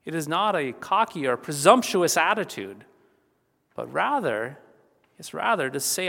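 A pastor giving a funeral sermon, earnest and steady, returning to key phrases again and again for emphasis. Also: male voice, a little high, moderate pace, creaky, long reverb tail.

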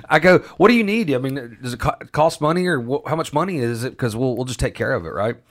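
A man's voice: medium pitch, animated, a little fast. Rambling man telling a bar story. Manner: rambling, restarts, swears and laughs while telling. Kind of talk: casual storytelling among friends.

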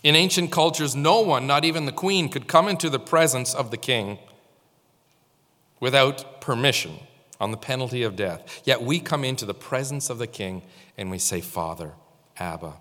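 A man's voice: mid-range voice, moderate pace, sharp tone. Guy preaching casually to his church, telling stories, voice ringing in a big hall. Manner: informal, storytelling, speaks directly to the congregation. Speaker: pastor. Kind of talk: conversational sermon. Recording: long hall reverb.

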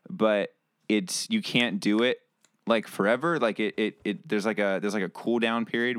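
A man with a fairly low voice trades ideas in loose, excited podcast chatter. He laughs easily and trips over his own sentences as thoughts pile up. The sound is close and dry. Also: smooth, no room sound. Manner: animated, laughs often, restarts mid-thought. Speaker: podcast co-host. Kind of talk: casual chat.

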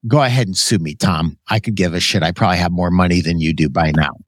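Male podcast host, animated storyteller, blunt and salty, dry close sound. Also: low voice, quick pace, dry recording. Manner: animated, blunt, swears freely, acts out quotes. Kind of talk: casual storytelling chat.

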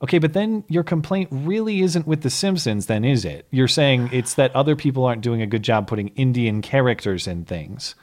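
Male podcast host, mid-pitched, argumentative explainer. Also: fairly quick, hardly any pauses. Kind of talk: casual political commentary.

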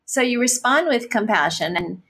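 A woman's voice: a little high, animated, normal speed, fairly bright tone, slightly rough. A woman pastor answering interview questions, speaking earnestly and with passion, often adding "you know" and "right?".

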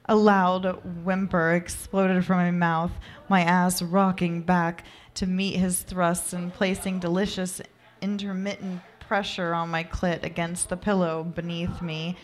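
Soft-reading woman narrator. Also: lowish voice, little pitch movement, slight background noise. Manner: soft, unhurried reading with occasional laughs at slips. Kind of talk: amateur erotic story reading.

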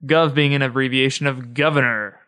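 A man's voice: mid-range voice, fairly even intonation, brisk, sharp tone, clear, resonant tone. A man hosting a podcast alone, talking to listeners in a chatty, easygoing way. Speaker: podcast host. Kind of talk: casual solo podcast monologue.

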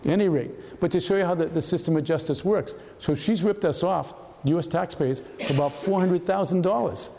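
A man's voice: fairly high pitch, brisk, vocal fry, few pauses, in a large hall, a little hiss or hum. A man in his seventies, a retired agent giving an anecdotal talk, acting out the voices of people in his stories. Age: 70s. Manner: lively storyteller who acts out quoted voices. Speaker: retired FBI agent guest speaker. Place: hall at a historical society event.

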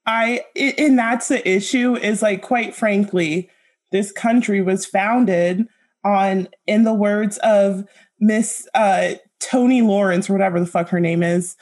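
A blunt woman talking casually on a podcast and swearing freely. Her voice rests at an ordinary middle pitch. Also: unhurried, darkish tone. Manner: blunt, profane. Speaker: podcast co-host. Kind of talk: casual chat.

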